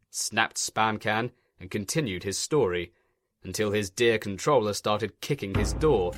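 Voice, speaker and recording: A man's voice: lowish voice, measured pace, noisy background. A man giving scripted narration of a comic story in a wry storytelling manner.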